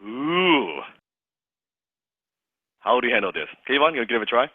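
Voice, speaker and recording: Over thin, phone-style call audio with a dry quality, a man at medium pitch talks rapid-fire. As a sales trainer running an interactive coaching session, he stresses his key points forcefully and repeats them for the group.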